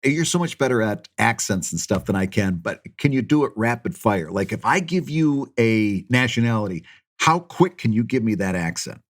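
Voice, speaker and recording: A man's voice: on the low side, expressive, moderate pace, soft background music. A man co-hosting a podcast, chatting in an upbeat, joking way. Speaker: podcast co-host. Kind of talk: casual chat.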